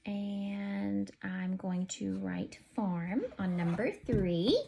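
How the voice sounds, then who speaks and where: A woman's voice: medium pitch, extremely slow, vocal fry, noisy background. A woman teacher giving a recorded video lesson to young children, counting and spelling aloud in an encouraging, singsong way.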